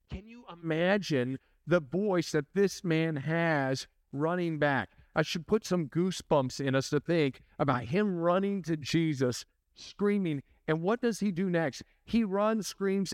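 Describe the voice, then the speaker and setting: A man's voice: a little high, no room sound, clean studio sound. A man preaching a sermon in a conversational way, asking the congregation questions and joking. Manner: conversational, asks the audience questions, jokes. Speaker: pastor.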